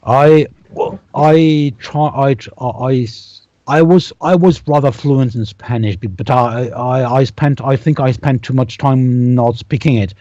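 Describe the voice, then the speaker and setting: A man chatting casually as a guest, halting often and repeating words as he searches for them. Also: mid-range voice, fairly even intonation, warm tone, no room sound, lo-fi sound. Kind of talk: casual conversation.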